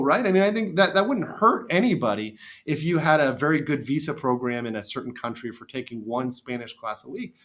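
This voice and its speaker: Animated American man giving advice. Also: medium pitch, a little fast. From USA. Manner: animated, emphatic storyteller. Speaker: guest, attorney. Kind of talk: casual podcast interview.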